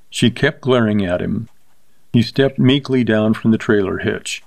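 A man's voice: lowish voice, measured pace, creaky, dry recording. Man narrating in a dry, close recording. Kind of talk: scripted story narration.

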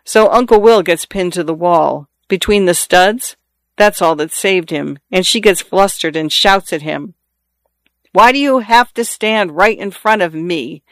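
A jovial older man who loves telling a good story and ribbing his company, as a male narrator plays him. His voice is smooth and a little higher than most men. The recording is close and dry. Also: unhurried, a bit bright, no room sound. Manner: hearty, joking storyteller. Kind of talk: audiobook character reading.

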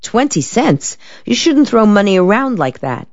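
A woman's voice: medium pitch, very animated, measured pace, dry recording, muffled recording, pitched above the performer's own voice. A woman reading the lines of a young woman in love who answers in a mocking, drawling, evasive way. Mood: teasing.

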